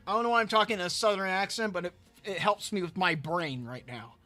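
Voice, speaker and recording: Bright, high-voiced man streaming his drawing. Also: fast talker, few pauses. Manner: rambling, repeats words, reads chat aloud while drawing. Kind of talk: casual live-stream chat. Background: faint background music.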